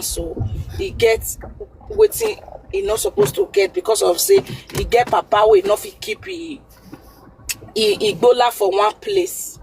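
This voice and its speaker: A woman's voice: fairly high pitch, darkish tone, slight background noise, poor audio. A woman caller with a Nigerian Pidgin accent giving earnest advice over the phone, repeating her points for emphasis. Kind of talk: call-in advice.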